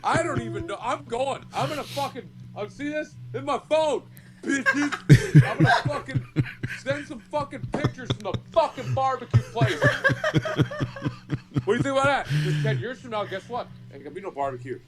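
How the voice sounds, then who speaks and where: A man who is drinking, ranting loudly and swearing nonstop as a regular guest on a podcast. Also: very high-pitched, big pitch swings, a little fast, a crowd in the background. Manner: loud, swearing nonstop, rambling. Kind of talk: profane comedic rant.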